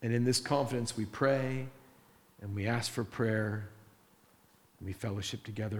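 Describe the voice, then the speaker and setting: A man preaching a sermon, acting out the prayers of believers and of a king in quick little voices as he teaches. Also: lowish voice, steady tone, a little mellow. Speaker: pastor. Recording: roomy echo.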